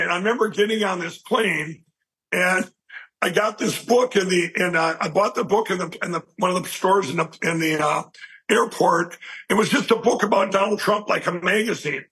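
Husky high-voiced man telling a story. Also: moderate pace, poor audio. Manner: animated, rambling storyteller who acts out quoted speech. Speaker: interview guest. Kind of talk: personal storytelling.

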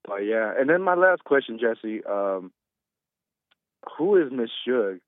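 A man's voice: mid-range voice, big pitch swings, slow, no room sound. A man calling in to a radio show who chats casually, hesitates with frequent ums, and laughs easily. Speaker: caller. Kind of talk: casual phone-in chat. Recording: tinny phone line.

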